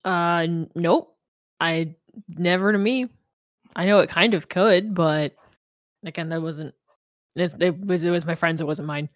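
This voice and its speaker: A woman plays a grieving young woman adventurer in a tabletop game who keeps people at arm's length. She speaks haltingly and keeps restarting, in a lowish voice on a dry, close recording. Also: fairly even intonation, no room sound, lightly acted. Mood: hesitant. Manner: hesitant, halting, full of restarts.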